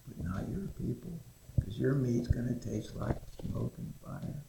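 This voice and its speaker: A man voicing a kind, wise male Creator spirit who speaks gently and reassuringly, in an echoey room. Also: medium pitch, expressive, unhurried, creaky, noisy background.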